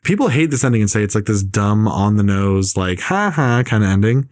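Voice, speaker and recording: A man's voice: lowish voice, brisk, darkish tone, no echo, studio quality. A man ranting in casual podcast chat, opinionated and rambling, with lots of "like" fillers. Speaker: podcast co-host.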